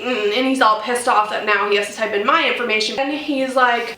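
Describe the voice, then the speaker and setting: A woman's voice: a little high, moderate pace, few pauses, recorded from a distance. A woman vlogger telling a story as a rant, swearing freely and acting out her own comebacks. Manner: profane, animated, acting out her own retorts. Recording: roomy room, off-mic, faint music.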